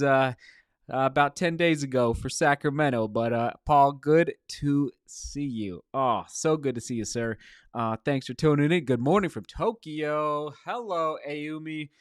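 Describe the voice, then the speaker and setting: A man's voice: a little high, unhurried, clear, resonant tone, dry recording, clean studio sound. A middle-aged man hosting a casual live Q&A stream from a motel room, greeting viewers by name in an upbeat way.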